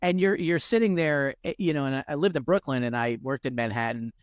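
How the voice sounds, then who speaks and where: A man co-hosting a podcast, telling stories in a lively, animated way with quick restarts. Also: mid-range voice, smooth, no echo, studio quality. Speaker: podcast co-host. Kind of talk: casual interview chat.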